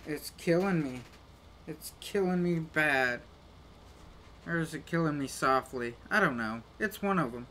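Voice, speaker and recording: Slow-talking, bright-voiced male streamer. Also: a little high, a little hiss or hum. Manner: grumbling, exasperated rants. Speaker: game streamer. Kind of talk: casual live-stream chat while gaming.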